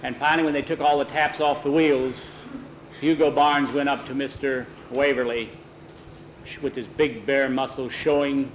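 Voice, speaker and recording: A man telling a story aloud in a lively way, acting out the characters. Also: medium pitch, moderate pace, lo-fi sound, slight background noise. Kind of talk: spoken storytelling.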